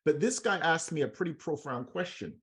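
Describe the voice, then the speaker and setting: Brisk and a little high-voiced, a young man delivers a motivational training talk as an MLM trainer. He recounts a personal story with slang and animation, acting out the conversations.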